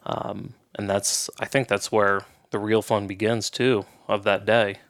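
A man telling a hunting story in casual chat, in a measured way with many fillers. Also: lowish voice, little pitch movement, fairly bright tone, no room sound, clean studio sound. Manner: slow, measured, lots of fillers. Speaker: podcast guest, hunter.

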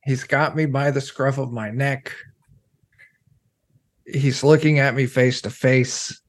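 A man playing in a tabletop game, hesitant and deadpan. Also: mid-range voice, takes it slowly. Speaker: player. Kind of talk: tabletop role-play.

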